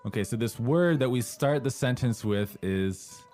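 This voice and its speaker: A man's voice: mid-range voice, animated, moderate pace, darkish tone, faint music behind. Casual man guiding a language lesson. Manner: casual, asks guiding questions. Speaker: lesson co-host.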